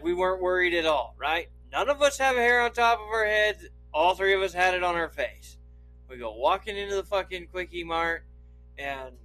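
This man has a high, bright voice, and he tells a long story in a loose, chatty way. He swears constantly and keeps breaking into laughter. His manner is relaxed and casual. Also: rough recording. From Idaho, US. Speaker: podcast storyteller. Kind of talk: casual anecdote telling.

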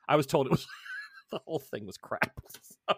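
A man's voice: medium pitch, expressive, moderate pace, husky, dry recording, studio quality. A man from the northeastern United States running a tabletop horror game as game master, rambling and playful, with many fillers and restarts.

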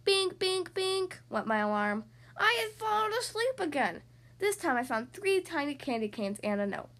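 A woman hosting a children's podcast, reading a picture book aloud in an expressive, animated way. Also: extremely high pitch, normal speed. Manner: animated and expressive, acting out the characters. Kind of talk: storybook read-aloud.

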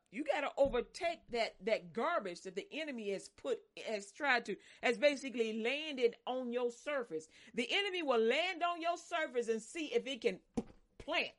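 Animated woman preaching with flair. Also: a little high, moderate pace. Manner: animated, acts out voices, swings between loud and soft. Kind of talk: sermon.

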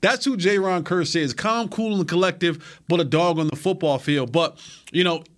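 A man's voice: high-pitched, normal speed, fairly bright tone. A man hosting a sports talk show, speaking casually and animatedly, often repeating words as he builds his point.

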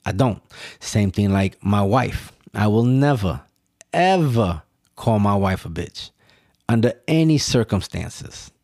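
A man's voice: fairly low pitch, animated, slow, a little mellow, no room sound, clean studio sound. A man hosting a solo podcast, talking earnestly and emphatically to his listeners, with restarts and repeated words. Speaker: podcast host. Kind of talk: solo reflective monologue.

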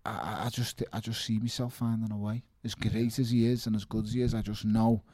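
Emphatic man, low voice. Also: level tone, a little fast, dark tone, no room sound, clean studio sound. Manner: emphatic, repeats words, calls listener mate. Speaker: professional boxer, guest. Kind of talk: casual interview talk.

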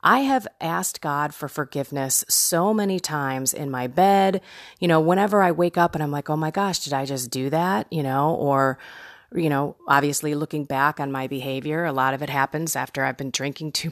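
A woman podcast host telling a personal story in a chatty, animated way, laughing now and then. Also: low voice, normal speed, no echo, clean studio sound.

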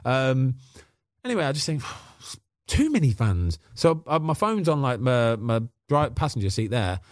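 A man tells a casual story as a podcast guest, chatty and animated, and slips into voices for the people he quotes. His voice sits at a middle pitch. The sound is dry and close. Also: a little slow, no room sound. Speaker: podcast guest, former goalkeeper.

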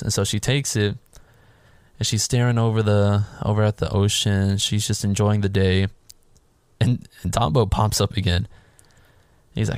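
A man's voice: on the low side, fairly even intonation, brisk, a little mellow, no room sound. A man casually recapping a film on a podcast, rambling through the plot and acting out the characters' lines, with plenty of swearing. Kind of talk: casual chat.

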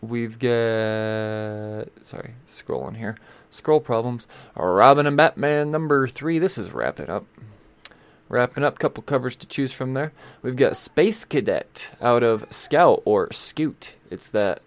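A man's voice: medium pitch, slow pace, smooth, no room sound. A man hosting a casual rundown of new comic releases, rambling, stalling and swearing as he scrolls through his list. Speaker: comic book shop host.

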